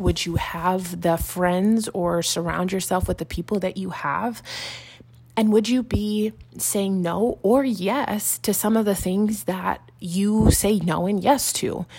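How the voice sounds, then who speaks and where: Female motivational podcast host, low-pitched with vocal fry, effusive and repetitive delivery. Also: a little mellow. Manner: gushing, repetitive, emphatic.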